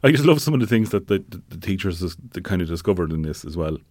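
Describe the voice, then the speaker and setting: A man's voice: low voice, sing-song, fast, darkish tone, no room sound. A man co-hosting a casual chat show, talking conversationally with wry asides and plenty of fillers. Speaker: podcast co-host.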